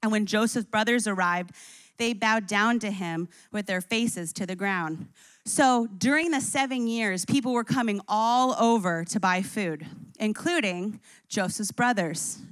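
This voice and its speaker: A young adult woman preaching, retelling scripture in a lively storytelling way. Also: medium pitch, a little slow, no room sound. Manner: storytelling, acts out scripture figures with rising intensity. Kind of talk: sermon.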